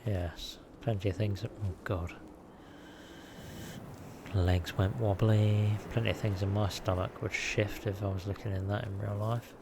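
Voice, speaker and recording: A man chats his way through a live game stream, rambling and making fun of himself. His voice is fairly low and gravelly. The audio is noisy, with game ambience behind him. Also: fairly even intonation, a little fast, few pauses. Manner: chatty, rambling, self-deprecating. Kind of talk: casual live-stream commentary.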